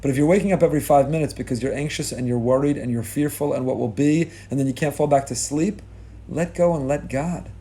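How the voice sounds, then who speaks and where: A middle-aged rabbi giving a sermon with rising emphasis, mixing in Hebrew and Yiddish religious terms. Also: male voice, medium pitch, quick pace, warm tone. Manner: impassioned, rising emphasis on key lines.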